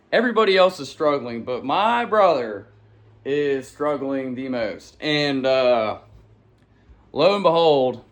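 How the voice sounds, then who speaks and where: A man's voice: on the high side, fairly bright tone. A man telling a long story to camera in a casual, rambling, slangy way, with chuckles between lines. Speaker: channel host and storyteller. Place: at home with pets nearby.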